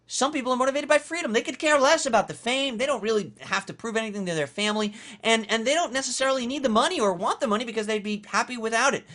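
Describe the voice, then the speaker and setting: A man's voice: very high voice, expressive, fast, hardly any pauses, sharp tone. A man teaching a motivational course, speaking emphatically and repeating key phrases. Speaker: course instructor. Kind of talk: motivational lecture.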